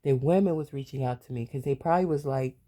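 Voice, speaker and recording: Her voice rumbles low, fast and warm as she hosts her own podcast. It's a solo rant: a heated, profane monologue packed with repeated rhetorical questions.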